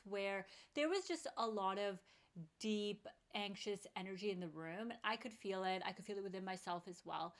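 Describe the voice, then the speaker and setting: A woman speaks to camera in a personal vlog, telling her story with earnest, heartfelt openness. Her voice sits at a mid pitch, and her talk is casual and full of "like". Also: fairly bright tone. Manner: earnest, open-hearted and chatty, with lots of "like". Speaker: vlogger.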